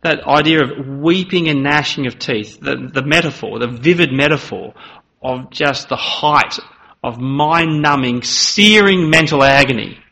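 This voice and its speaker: A man's voice: mid-range voice, vocal fry, sharp tone. A man preaching a sermon in an earnest manner, voice rising dramatically when he acts out quoted lines. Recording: slightly dull, lo-fi sound.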